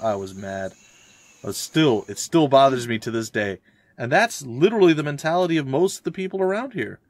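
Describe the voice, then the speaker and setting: A man's voice: mid-range voice, animated, brisk, dry recording. A young adult man, rambling and ranting in casual chat while streaming a game. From Florida, USA. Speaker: let's play streamer.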